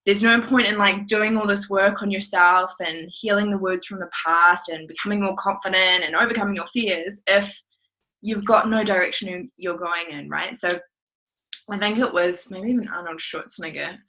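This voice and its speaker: Female coach co-host, casual and animated, bright-voiced, swears freely. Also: medium pitch, moderate pace, rough recording. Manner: lively, laughs easily, swears casually. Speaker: life coach co-hosting a course livestream. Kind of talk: casual livestream chat.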